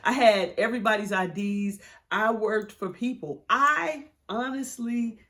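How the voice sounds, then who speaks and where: A woman's voice: on the high side, unhurried, bright, forceful tone. A middle-aged woman, telling her own story in an interview, candid and blunt, swearing freely. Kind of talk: emotional personal storytelling.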